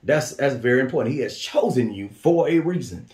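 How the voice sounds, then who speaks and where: A man's voice: medium pitch, lively intonation, fairly quick, darkish tone, reverberant. A man preaching a sermon as pastor, repeating phrases in a rhythmic call-and-response way. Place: church.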